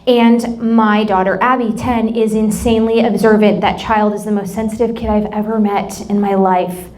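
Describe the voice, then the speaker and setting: A woman's voice: medium pitch, little pitch movement, normal speed, a little mellow. A woman in her thirties preaching a sermon, telling personal stories in a candid, emotional, self-deprecating way. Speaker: pastor.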